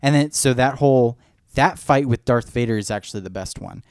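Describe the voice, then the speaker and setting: A man's voice: medium pitch, brisk, a little mellow, clean tone, dry recording, clean studio sound. A man co-hosting a podcast, chatting casually and enthusiastically, rambling and acting out movie lines. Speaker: podcast co-host. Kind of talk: casual fan chat.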